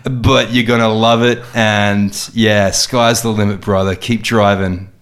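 A middle-aged Australian man, a podcast guest, telling stories in an animated, expressive way and laughing often. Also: fairly low pitch, unhurried, slight background noise. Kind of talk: casual podcast conversation.

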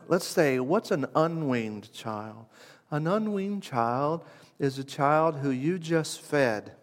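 A man preaching a sermon in a conversational, reflective way, moving from hushed asides to emphatic lines. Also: fairly high pitch, in a large hall.

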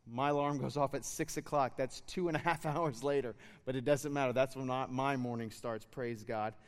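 A man in his thirties giving a sermon as a pastor, relaxed and storytelling, then rising to fervent exhortation. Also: medium pitch, normal speed, big-room sound. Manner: conversational, building to fervent exhortation.

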